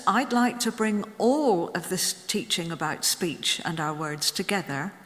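A woman's voice: mid-range voice, a bit bright, big-room sound. A woman in her seventies preaching a sermon, telling a story with humorous asides. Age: 70s. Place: church.

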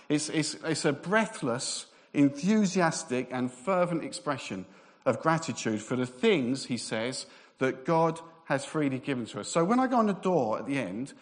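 A man preaching a sermon, fast and excitable, with self-deprecating humor. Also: mid-range voice.

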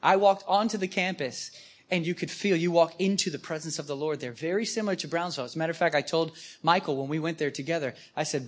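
A man preaching to a live audience, telling stories with animated emphasis. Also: a little high, fast. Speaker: guest preacher. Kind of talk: storytelling sermon.

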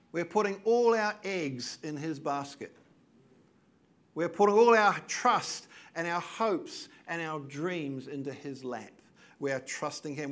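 Older male pastor, high voice, emphatic sermon delivery. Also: a bit bright. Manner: earnest, emphatic preaching with repeated phrases.

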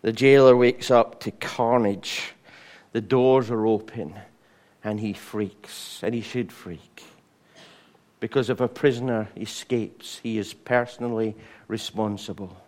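A middle-aged man preaching a sermon, animated, acting out voices and singing. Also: on the low side, unhurried. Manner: animated, acts out voices, sings hymn lines.

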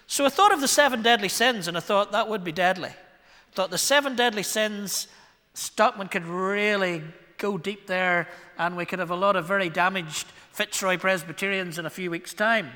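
A Northern Irish pastor preaches a sermon in a high-pitched, sharp voice, wry and self-deprecating with shifting emphasis. The long reverb of a church hall surrounds him.

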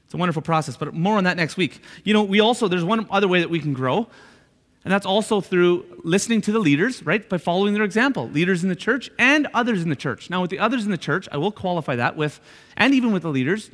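A man with a notably high voice preaches in a church hall, and his words ring out with a long reverb. He keeps it conversational, circling back on his points and tossing in "right?" to check the room. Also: expressive, fast, a bit bright. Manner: conversational, repeats points with frequent "right?" asides. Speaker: pastor. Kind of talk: sermon.

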